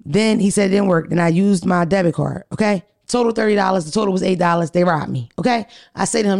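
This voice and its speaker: A woman's voice: mid-range voice, fast, creaky, darkish tone. A woman hosting a podcast, telling stories in a blunt, profane, casual way. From United States. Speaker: podcast host.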